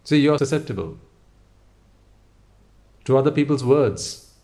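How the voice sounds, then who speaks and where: A man's voice: medium pitch, lively intonation, unhurried, gravelly, darkish tone. A man giving a motivational talk, speaking straight to the listener with a stream of rhetorical questions.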